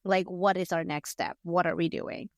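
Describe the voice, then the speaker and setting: A woman's voice: lowish voice, fairly even intonation, moderate pace, no room sound, studio quality. Chatty woman podcast co-host rambling. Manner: rambling, filler-heavy retelling; acts out characters' lines in quotes. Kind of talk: casual book review chat.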